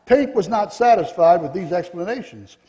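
A man's voice: sits high, animated, moderate pace, dark tone, in a large hall. A man reading a storybook aloud to a group of children, telling it expressively.

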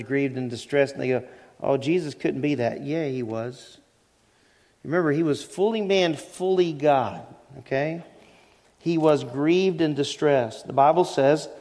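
A middle-aged male pastor with a fairly high voice delivers a sermon in a chatty, teaching manner. He keeps asking the congregation questions and slows down on the phrases he wants to land. His voice carries a long reverb from the church sanctuary. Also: darkish tone. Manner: conversational preaching, asks the congregation questions, slows down on key phrases.

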